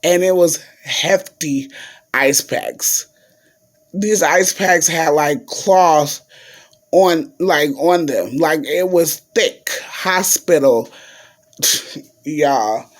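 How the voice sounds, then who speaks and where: A man's voice: on the high side, extremely slow. A man vlogging in a chatty, casual way, telling a story to his viewers and calling them y'all.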